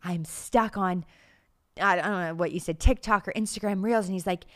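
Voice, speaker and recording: A woman's voice: mid-range voice, fast. Chatty woman telling stories. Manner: chatty storyteller, laughs often, acts out quotes. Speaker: podcast co-host. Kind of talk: casual chat.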